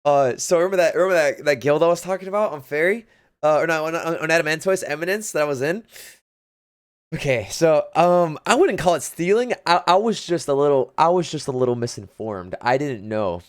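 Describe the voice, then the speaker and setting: A man's voice: a little high, brisk, smooth. A man telling a gaming story in casual stream chat, rambling and stumbling over his words. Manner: rambling, lively, stumbles and restarts.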